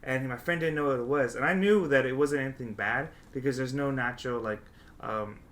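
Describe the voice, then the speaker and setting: Young guy podcast host, bright forceful voice, swears a lot, gets loud telling stories. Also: medium pitch, a little fast. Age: young adult. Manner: animated storyteller, swears freely, shouts when acting out scenes. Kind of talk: casual chat. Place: podcast studio.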